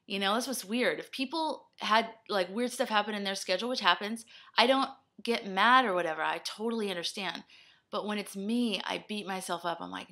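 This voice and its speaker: A young woman talking straight to camera in a rambling personal vlog. Her voice is bright and forward, and her speech comes in scattered, self-deprecating bursts. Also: mid-range voice, moderate pace. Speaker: vlogger. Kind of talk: rambling personal video blog.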